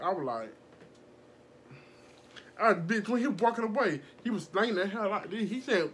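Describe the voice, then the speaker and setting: A young woman telling a casual storytime vlog, animated and profane, laughing often and acting out the people in her story. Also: medium pitch, moderate pace, long pauses, slight background noise. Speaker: vlogger.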